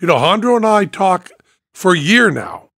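A man's voice: high-pitched, lively intonation, moderate pace, gravelly, a bit bright, no echo, studio quality. An older man co-hosting a podcast in casual chat, telling stories, mimicking voices and laughing often. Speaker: podcast co-host.

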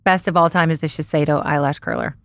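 A woman with a lowish voice chats about makeup on a podcast, eager and talkative. The sound is dry and close, with no room around her. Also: steady tone, fast, dry recording. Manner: chatty, enthusiastic product recommendations. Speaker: podcast co-host. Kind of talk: casual beauty podcast chat.

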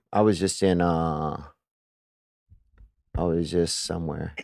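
A man co-hosting a podcast, telling stories in a rambling, halting way and often clearing his throat. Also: low-pitched, fairly even intonation, darkish tone, dry recording, studio quality. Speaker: podcast co-host. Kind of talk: casual chat.

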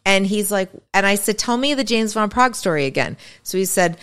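Smooth-voiced woman telling a story. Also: medium pitch, brisk. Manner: animated storyteller, acts out quotes. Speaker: podcast co-host. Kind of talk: casual chat.

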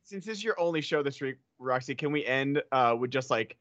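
A man co-hosting a casual comedy chat, joking and animated. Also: medium pitch, brisk, dry recording, highs cut off.

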